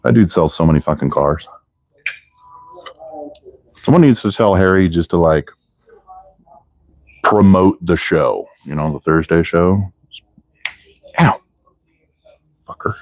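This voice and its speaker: A man with a low, deep voice chatting casually on a live stream as he works in his garage. His talk is loose and full of swearing. The sound is dry and close, with little room echo. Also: animated, takes it slowly, long pauses, a little mellow. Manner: loose, profanity-heavy shop talk. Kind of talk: casual live-stream chat while working. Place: car restoration garage.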